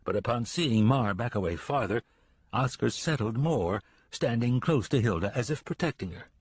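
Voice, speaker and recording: A man narrating an audiobook in a steady, even reading. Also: medium pitch, normal speed, breathy edge, no room sound. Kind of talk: scripted narration.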